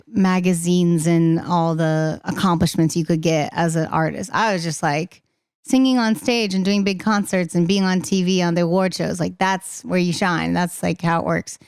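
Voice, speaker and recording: A young woman in casual podcast chat as a singer-songwriter guest, talking fast and laughing, acting out the voices she quotes. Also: on the low side, clear, resonant tone, dry recording, studio quality.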